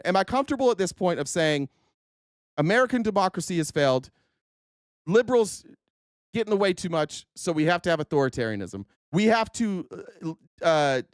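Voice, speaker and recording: A man's voice: high-pitched, no echo, clean studio sound. A male host giving a heated political commentary rant, firing profane rhetorical questions at his audience.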